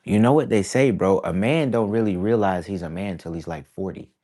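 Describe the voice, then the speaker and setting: Low-voiced man musing casually to camera. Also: a little fast, dark tone. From East Coast of the United States. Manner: rambling, reflective, peppered with "bruh" and "y'all". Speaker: artist vlogger.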